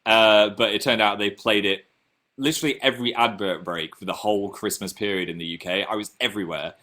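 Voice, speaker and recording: A man's voice: lowish voice, fairly even intonation, fairly quick, sharp tone. A young man with a Northern English accent, casually chatting on his own livestream and reading out viewer comments in a chatty, self-mocking way. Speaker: livestream host.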